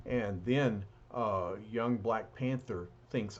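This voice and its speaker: A man casually reading a comic book aloud, retelling the story in a halting way with many fillers. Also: mid-range voice, lively intonation, slight background noise. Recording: dull lo-fi recording.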